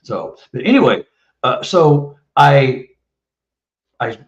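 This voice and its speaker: A Texan man in his seventies, a guest author on an interview, tells a long story, rambling and often starting over. His mid-range voice swings widely in pitch and moves slowly, captured by a distant, muffled, roomy mic.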